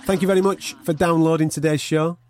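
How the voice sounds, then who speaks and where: A man's voice: fairly high pitch, steady tone, brisk, noisy background. A man hosting a podcast in chatty, teasing banter with his co-host. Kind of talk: casual chat.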